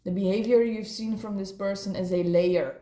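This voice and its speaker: A woman's voice: medium pitch, steady tone, normal speed, dark tone, reverberant. A woman doing a casual, playful tarot card reading, rambling and laughing often.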